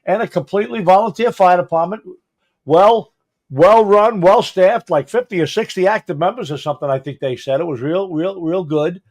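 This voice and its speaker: A man's voice: high-pitched, brisk, hardly any pauses, darkish tone. A man, a fire chief co-hosting a podcast, chatting casually and rambling through stories while acting out what people said. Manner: rambling storyteller who acts out quotes. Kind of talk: casual chat.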